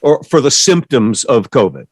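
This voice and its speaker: A man's voice: mid-range voice, sing-song, moderate pace, breathy edge, dry recording. A man co-hosting a casual talk show, trading wry quips and explaining things earnestly. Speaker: podcast co-host. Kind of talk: casual chat.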